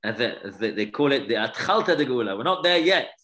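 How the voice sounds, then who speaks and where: Man of average pitch teaching scripture; animated storyteller, explains terms on the fly. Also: quick pace, rough recording. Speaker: Torah teacher. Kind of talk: teaching a study class.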